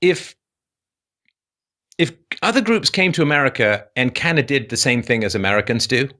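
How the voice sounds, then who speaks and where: Lively, animated male host. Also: medium pitch. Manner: animated, talks in quick bursts with mock voices. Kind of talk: conversational interview.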